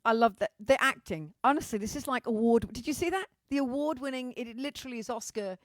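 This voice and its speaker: A woman's voice: on the high side, fast talker, dry recording, clean studio sound. Brassy, foul-mouthed British woman. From Britain. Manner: bawdy, swearing, theatrical. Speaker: host of an online show. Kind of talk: comedic casual monologue.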